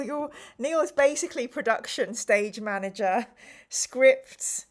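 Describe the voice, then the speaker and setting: Tired, slow-talking woman streamer. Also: fairly high pitch. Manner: slow, rambling, chatty with frequent ums and apologies. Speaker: live stream host running a gamebook play. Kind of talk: casual live-stream chat.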